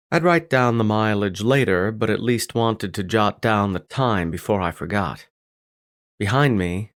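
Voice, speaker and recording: A man narrating a first-person audiobook in a gruff, irritated tone. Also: lowish voice, dry recording, clean studio sound.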